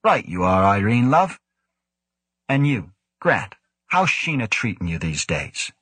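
A man's voice: fairly low pitch, big pitch swings, unhurried, a bit bright, husky, no room sound, exaggerated voice. A man voicing a brash, cheeky male supply man, breezy and teasing.

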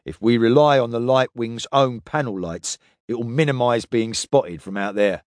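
A man reading a story, voicing Mokul, a calm, scheming male guide who speaks in a measured way. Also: mid-range voice, no echo, clean studio sound, close to an everyday voice.

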